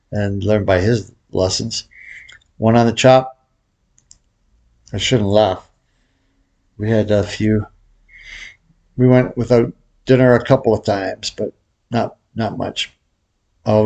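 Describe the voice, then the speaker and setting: A middle-aged man walks through a lesson in a loose, chatty way. His voice sits on the low side, and he drifts off topic, laughing at himself. Some words carry a faint whistle from a cracked tooth. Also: vocal fry, darkish tone, dull audio. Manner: rambling, jokey, laughs at himself. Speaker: baccarat instructor. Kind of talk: casual tutorial commentary.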